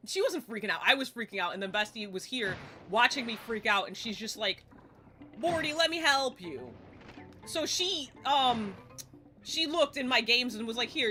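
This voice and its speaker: A woman of about forty chatting casually while streaming a game live, excitable and swearing, often laughing and yelping at the screen. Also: fairly high pitch. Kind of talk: live gameplay stream chat. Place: home streaming setup in front of a green screen.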